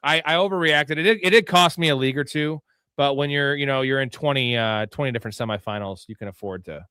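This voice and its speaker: Man, casual live chat, swears freely, animated, dry close mic. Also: medium pitch, quick pace, clean tone, no room sound. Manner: profane, rambling, animated. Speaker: fantasy football show host.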